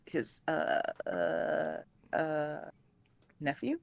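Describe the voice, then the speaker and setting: A woman's voice: mid-range voice, steady tone, measured pace, gravelly, no room sound. A woman co-hosting a casual chat, telling a silly story in a rambling way, giggling and tripping over words. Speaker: co-host. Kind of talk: retelling a silly made-up story.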